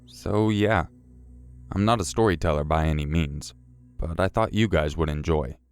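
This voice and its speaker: A man with a low voice hosts a relaxed livestream and reads out viewer names and comments. He chats in a loose, easygoing manner, thanking people as he goes. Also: moderate pace, clean tone, soft background music. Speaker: livestream host. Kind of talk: casual livestream chat.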